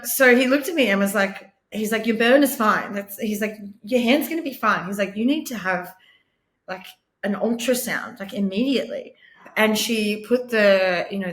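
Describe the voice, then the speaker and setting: A woman's voice: mid-range voice, fairly bright tone, roomy sound. A woman in her thirties with an Australian accent, candidly telling her own patient story in a conversational way and acting out what others said to her. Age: 30s. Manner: candid, conversational, acts out quoted dialogue, laughs wryly. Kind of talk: personal storytelling interview.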